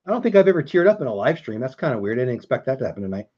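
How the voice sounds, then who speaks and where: A man's voice: mid-range voice, very animated, rapid-fire, warm tone, husky, dull audio. A man hosting a casual live stream, chatting with viewers and answering chat as he goes.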